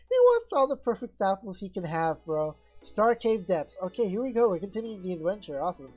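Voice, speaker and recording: A woman's voice: medium pitch, lively intonation, fairly quick, hardly any pauses, dark tone, slightly rough, faint music behind. A woman hosting a gaming playthrough, making playful asides as she reads along. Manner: playful asides, laughs at the game. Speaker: gaming video host. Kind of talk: playthrough commentary.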